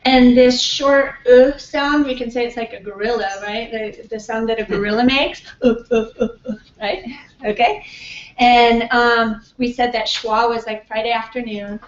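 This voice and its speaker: A woman's voice: fairly high pitch, steady tone. Lady prof teaching pronunciation, stretches out sounds, muffled far-off room mic. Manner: patient, drawn-out modelling of sounds. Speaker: pronunciation professor. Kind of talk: classroom lecture. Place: classroom. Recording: far-off, echoey, dull classroom recording.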